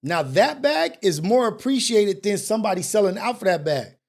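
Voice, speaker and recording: A man's voice: high-pitched, expressive, normal speed, vocal fry, darkish tone. A man hosting a talk show, delivering a preachy monologue with street slang and repeated rhetorical questions. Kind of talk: impassioned monologue.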